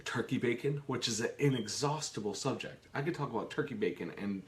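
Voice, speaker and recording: Speaking a little fast at a medium pitch, this man co-hosts a live kitchen Q and A from home. The talk is loose and jokey, with sentences that trail away and restart.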